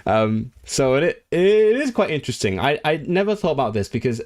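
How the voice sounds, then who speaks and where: A man from Hong Kong hosts a language livestream in a sing-song, mid-range voice, talking briskly with few pauses. He reads viewer comments aloud and answers them animatedly, rambling, restarting often, and correcting himself.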